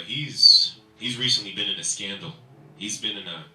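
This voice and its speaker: A man hosting a live comedy show, working the crowd with loud, energetic emcee banter and stand-up. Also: on the low side, moderate pace, faint music behind. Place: live comedy venue, indoors. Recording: echoey room, mic from far off.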